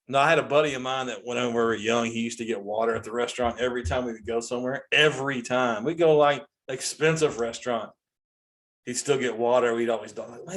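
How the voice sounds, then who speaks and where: A man in his forties ranting casually as a comedy host, exasperated and animated, with frequent restarts and self-interruptions. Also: medium pitch, fast. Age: 40s.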